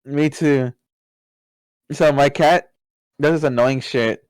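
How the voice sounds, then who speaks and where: A man co-hosting a podcast in casual chat, joking and swearing, with sudden loud outbursts. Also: mid-range voice, steady tone, slow, clear, resonant tone, no room sound, low-quality recording. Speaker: podcast co-host.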